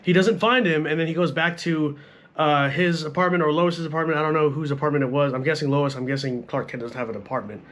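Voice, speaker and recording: A fairly high-voiced young man riffs through a film review in loose, unscripted speech, sprinkling in swearing and constant "like"s. His tone stays blunt and conversational, the way a channel host talks straight to his viewers. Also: fast talker, a bit bright. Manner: profane, blunt, repeats "like" and "bro". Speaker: movie reviewer. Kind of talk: casual film review rant.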